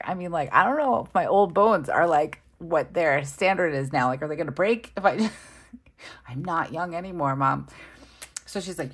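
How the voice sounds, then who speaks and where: Low, husky-voiced woman telling a story. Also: normal speed, a bit bright. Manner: chatty, self-deprecating, laughs often. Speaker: planner vlogger. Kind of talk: casual storytelling while planning.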